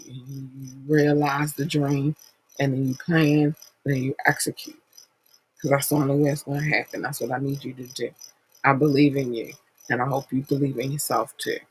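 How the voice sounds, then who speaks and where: A woman's voice: sits low, slightly rough, poor audio. A woman hosting a podcast, giving a blunt, profane, rambling pep talk in a casual monologue. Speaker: podcast host.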